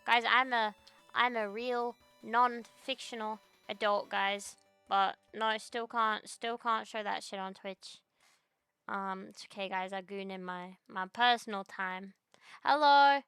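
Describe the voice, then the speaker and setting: A woman's voice: medium pitch, fairly even intonation, takes it slowly, gravelly, fairly bright tone, clear, resonant tone, no echo, soft background music. A young woman streaming as a VTuber from her home computer, chatting casually in a rambling, profane, ranting way. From Australia. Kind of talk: casual livestream chat.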